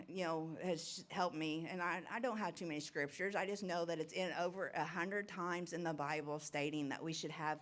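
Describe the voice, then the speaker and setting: A middle-aged woman giving an informal, rambling testimony talk at a recovery ministry, nervous and laughing often. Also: sits low.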